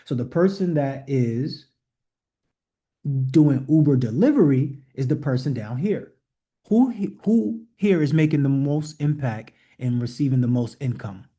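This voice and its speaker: A man of medium pitch with a dark tone and lively intonation speaks unhurriedly as he leads a leadership call online. In blunt, emphatic motivational teaching, he keeps repeating rhetorical questions and gives the group direct commands.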